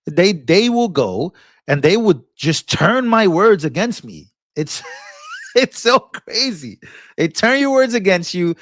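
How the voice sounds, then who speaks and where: A man with a notably high speaking voice hosts his own political commentary vlog. He talks in a heated, off-the-cuff way, tripping over and repeating words, and breaks into preacher-like rebukes. The sound is close and dry with no room echo. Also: big pitch swings, slow pace. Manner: repeats and restarts words, sermon-like "I rebuke" outbursts. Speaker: political commentator and channel host. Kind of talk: impassioned casual political commentary.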